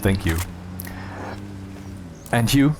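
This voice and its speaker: A man's voice: on the low side, expressive, drawn-out words, over music. A man talking casually over gameplay, rambling and cutting himself off, with wry asides. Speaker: video creator.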